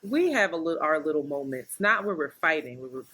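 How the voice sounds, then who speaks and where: A woman's voice: deep voice, lively intonation, fairly quick, a bit bright, slightly rough. A woman co-hosting a casual podcast, telling a story with lots of laughter and acted-out quotes. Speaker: podcast co-host.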